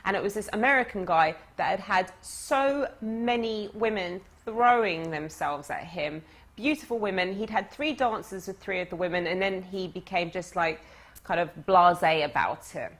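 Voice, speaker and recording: Animated woman telling a coaching story. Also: on the low side, moderate pace. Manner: animated anecdotal storyteller, conversational. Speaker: dating coach. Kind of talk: storytelling lesson.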